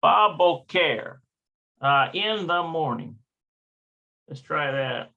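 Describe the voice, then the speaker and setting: A man's voice: fairly high pitch, lively intonation, slow, creaky, bright, forceful tone, lo-fi sound. A man working through a textbook lesson aloud, hesitant and self-correcting as he sounds out words. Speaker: language learner teaching from a textbook. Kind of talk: thinking-aloud study session.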